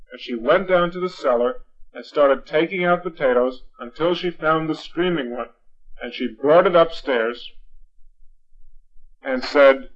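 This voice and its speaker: A man telling a bedtime story to his young child, patient and gently firm, on a dull lo-fi home recording. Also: on the high side, a little slow.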